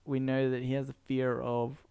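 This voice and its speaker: A man's voice: medium pitch, completely flat delivery, normal speed, mellow, smooth. A man co-hosting a podcast in casual, rambling, jokey chat. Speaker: podcast co-host.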